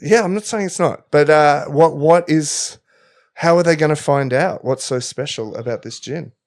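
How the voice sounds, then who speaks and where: A man's voice: on the high side, normal speed. A man co-hosting a comedy podcast, bantering in a wry, teasing way. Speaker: podcast co-host.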